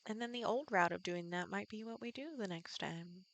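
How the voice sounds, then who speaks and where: A woman streams a farming game live, chatting casually with viewers, thinking out loud and greeting people in the chat. Her voice is medium-pitched at a normal speed.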